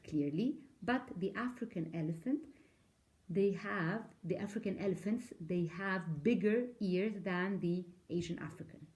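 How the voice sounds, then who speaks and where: A woman leads an English grammar lesson, her voice mellow and soft-edged. She works through examples one at a time, quizzing her listeners and spelling words out letter by letter. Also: medium pitch. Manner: patient, explains step by step, asks the class questions, spells words out. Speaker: English teacher. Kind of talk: recorded online grammar lesson.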